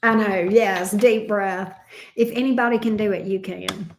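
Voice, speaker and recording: Slow-talking affectionate woman tarot reader. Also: medium pitch, steady tone, echoey room, slight background noise. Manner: affectionate, calls viewers babe and sweetie; casual and salty, swears lightly. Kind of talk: livestream tarot readings for viewers.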